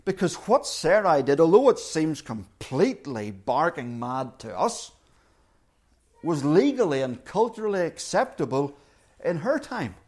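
Male preacher, high voice, very lively pitch, earnest, acts out quotes. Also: measured pace. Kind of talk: sermon.

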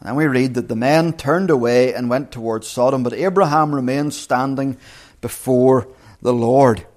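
A man preaching an evening sermon, reflective and measured, slowing down to read scripture aloud. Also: medium pitch, a little mellow.

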